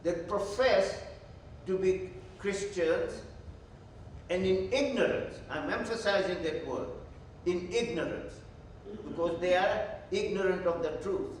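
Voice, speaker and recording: A male pastor teaches slowly and emphatically, posing questions and answering them himself. His voice sits high, and it comes from far off in a very echoey church hall with faint room noise. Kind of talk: Bible study teaching.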